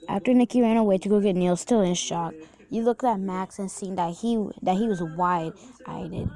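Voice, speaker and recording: A woman's voice: mid-range voice, moderate pace, warm tone. Chatty young woman telling a story. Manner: unpolished and chatty, with asides to the listener. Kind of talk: casual reader-insert story narration.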